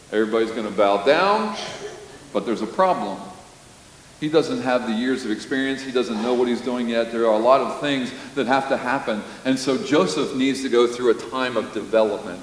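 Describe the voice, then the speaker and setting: Man, pastor, animated storytelling sermon, faint hiss, roomy reverb. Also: medium pitch. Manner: storytelling, animated, with sudden loud bursts. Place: church sanctuary.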